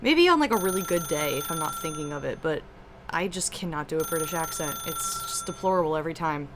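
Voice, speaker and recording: A woman's voice: deep voice, lively intonation, quick pace, background noise. A woman streamer giving chatty, giggly commentary over a game. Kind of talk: casual gameplay commentary. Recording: stream audio with game music behind.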